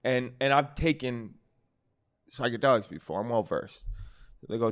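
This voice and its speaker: A man, a guest comedian, telling stories in a casual, animated and profane way on a podcast. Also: medium pitch, normal speed. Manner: animated, profane storyteller acting out quotes. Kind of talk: casual storytelling. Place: podcast studio.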